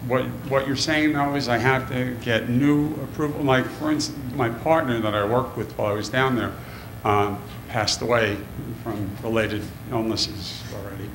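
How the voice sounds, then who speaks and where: A man in the audience of a public forum, asking a question haltingly with many pauses and fillers, emotional. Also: mid-range voice, fairly even intonation. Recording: echoey hall, audible room noise.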